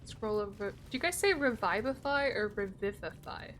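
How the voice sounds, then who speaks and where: A woman's voice: medium pitch, expressive, fast, a bit bright, slight background noise. A young woman streaming a game, chatting casually with her viewers and swearing freely. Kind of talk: casual gameplay commentary.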